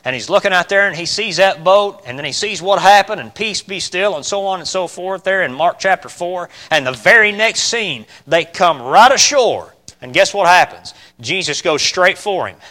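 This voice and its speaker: A man preaching a sermon, asking his listeners questions and swinging between loud emphatic bursts and quiet, calm lines. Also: high-pitched, moderate pace, few pauses. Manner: asks the listeners rhetorical questions.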